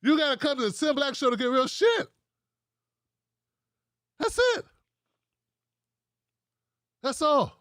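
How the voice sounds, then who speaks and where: This American political livestreamer delivers a profane, blunt rant and reads out comments from the live chat. He talks slowly with frequent pauses, his very high-pitched, slightly bright voice swinging widely in pitch, in a dry, clean studio recording.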